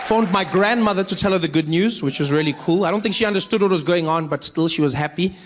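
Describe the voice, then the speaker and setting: Man, 30s, stand-up comic, animated, high voice, audience noise. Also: quick pace, a crowd in the background. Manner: animated, acts out voices and sounds. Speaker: comedian. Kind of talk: stand-up comedy. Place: comedy stage before audience.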